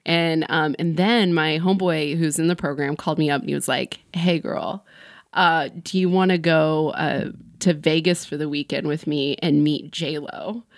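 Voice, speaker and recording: A young woman telling a long story in casual podcast chat, animated, acting out quotes and swearing a lot. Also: deep voice, moderate pace, dry recording, studio quality. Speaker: guest storyteller.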